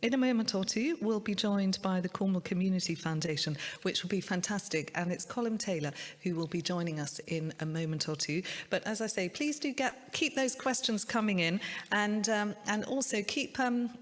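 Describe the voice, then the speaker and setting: A woman's voice: mid-range voice, normal speed, few pauses, big-room sound. A woman hosting an online community funding conference over a video call, speaking in an upbeat, enthusiastic way. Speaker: event host.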